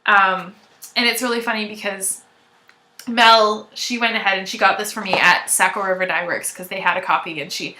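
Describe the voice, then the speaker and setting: A woman hosting a knitting podcast, chatting loudly to viewers in a gushing, rambling way. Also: mid-range voice, steady tone, normal speed, slight background noise. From Canada. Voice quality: loud. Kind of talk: casual chat to viewers.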